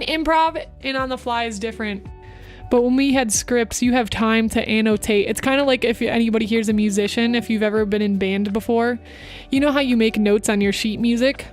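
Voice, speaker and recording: Chatty streamer woman, fairly high voice. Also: fairly quick, soft background music. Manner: chatty, upbeat, talks to chat. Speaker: VTuber streamer. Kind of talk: casual livestream voice acting tips. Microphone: streaming microphone.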